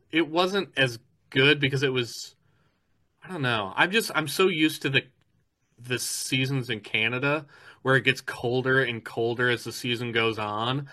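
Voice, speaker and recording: Bright-voiced rambling man chatting. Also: medium pitch. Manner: rambling storyteller, lots of "like" and restarts. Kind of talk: casual chat.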